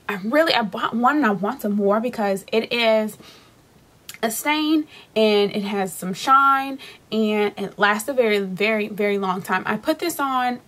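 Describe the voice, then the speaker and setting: A young woman casually reviewing drugstore lipsticks in a chatty, rambling way, with frequent fillers and restarts. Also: mid-range voice. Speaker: beauty vlogger.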